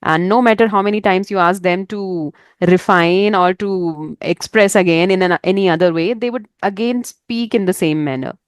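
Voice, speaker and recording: A woman with an Indian English accent, talking casually and thoughtfully about speaking clearly, often agreeing with "right". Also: medium pitch, moderate pace, few pauses, no echo.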